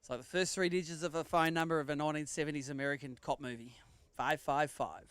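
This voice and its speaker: An Australian man emcees a live fishing weigh-in, teasing each angler and announcing weights and placings. His voice sits a little high and is smooth and clear. The sound is close and dry. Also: steady tone, very fast, a bit bright, dry recording. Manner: jokey banter with anglers, announcing weights and standings.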